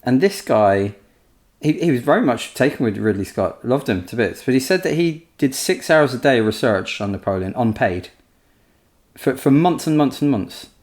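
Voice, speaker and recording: A man with a mid-range voice chats casually as a podcast co-host. He is a historian who talks things through loosely and brings anecdotes to life with lively impressions. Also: medium pitch, moderate pace. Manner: chatty, storytelling, animated impressions.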